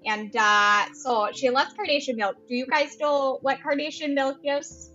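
A woman guest chats haltingly and pokes fun at herself on a podcast. Her voice is bright and fairly high. The line sounds dull and lo-fi, like a remote call. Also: fairly even intonation, faint music behind. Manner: self-deprecating, halting. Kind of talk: casual podcast chat.

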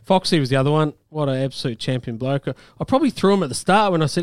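A man's voice: a little high, expressive, fast, few pauses, smooth, no echo, clean studio sound. A man with a New Zealand accent co-hosting breakfast radio, chatting casually and laughing often. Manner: chatty, laughs often, warm praise for guests. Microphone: studio mic, dry.

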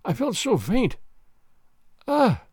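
A man reading aloud, voicing an anxious young noblewoman who speaks faintly and haltingly. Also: medium pitch, wildly swooping pitch, darkish tone, no room sound, clean studio sound, heavily acted. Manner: breathy, faltering.

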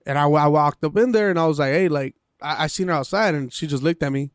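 A man's voice: on the high side, no echo, studio quality. A man casually telling a long personal story on a podcast, swearing freely and acting out what people said. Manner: fast, profane, animated retelling with acted quotes.

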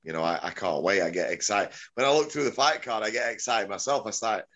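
A middle-aged man talks loosely through his story as an interview guest. His voice sits a little low, and he often restarts his sentences and chuckles along the way. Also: fast talker, a bit bright. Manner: rambling, self-correcting, chuckling. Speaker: MMA promoter, guest. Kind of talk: casual interview chat.

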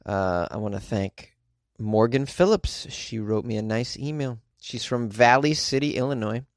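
A man's voice: mid-range voice, moderate pace, no echo, studio quality. A man hosting a comedy news podcast, chatting casually with slangy asides and frequent laughs.

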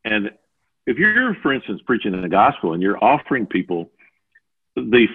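A man in his sixties coaches preachers and talks through it in an animated way, slipping into the voices he quotes. His voice sits low. The sound is thin and tinny, like a phone line. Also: moderate pace, slightly rough. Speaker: preaching mentor. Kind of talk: interview answers. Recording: phone-like narrow audio.

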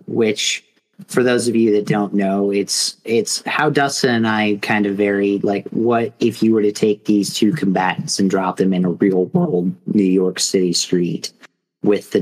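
A lowish-voiced man co-hosting a podcast spins a rambling, offhand tale of a mock fight, full of fillers. The sound quality is poor.

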